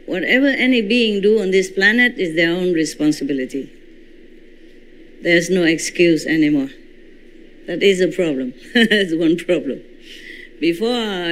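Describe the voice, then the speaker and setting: A man whose first language is Korean, giving a spiritual talk in halting English with dramatic retelling. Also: high-pitched, fairly bright tone, clear, resonant tone, rough recording. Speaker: spiritual teacher.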